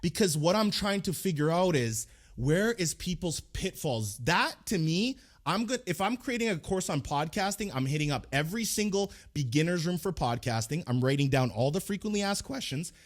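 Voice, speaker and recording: A man hosting a podcast interview, talking in an energetic, emphatic way and often repeating himself. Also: a little high, moderate pace, hardly any pauses. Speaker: podcast host.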